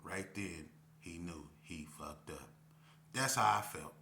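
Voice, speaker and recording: Man storyteller, low-pitched, bright and forceful tone, slangy and candid, with faint hum behind. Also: slow pace. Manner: slangy and candid, repeats himself, acts out dialogue. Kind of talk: casual spoken storytelling.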